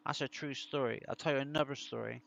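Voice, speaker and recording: A man's voice: mid-range voice, steady tone, quick pace, vocal fry, fairly bright tone. A British man chatting casually to his viewers, telling rambling true stories with plenty of swearing. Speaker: streamer.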